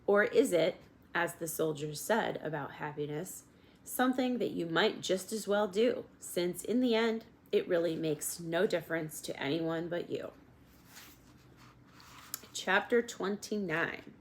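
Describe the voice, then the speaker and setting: A woman narrating a storybook in a gentle, measured way, at times addressing the reader directly. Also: on the low side. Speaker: audiobook reader.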